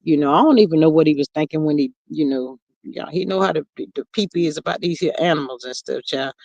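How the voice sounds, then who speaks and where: Chatty livestream host, gossipy and rambling, mid-pitched voice, close and dry recording. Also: gravelly, a little mellow, dry recording, muffled recording. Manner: gossipy and chatty, full of fillers and drawn-out asides. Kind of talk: casual livestream chat, reading viewer comments. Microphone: streaming mic close up.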